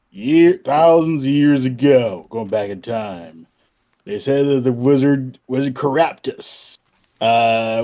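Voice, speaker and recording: A man's voice: mid-range voice, a little mellow. A man running a tabletop game as game master, narrating in a rambling, self-correcting way.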